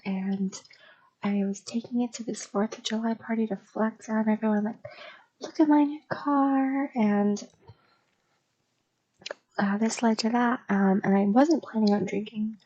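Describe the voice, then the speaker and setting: Soft-spoken rambling young woman, half whispered. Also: mid-range voice, steady tone, unhurried, lo-fi sound. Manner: slight stutter. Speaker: streamer. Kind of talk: casual ASMR ramble.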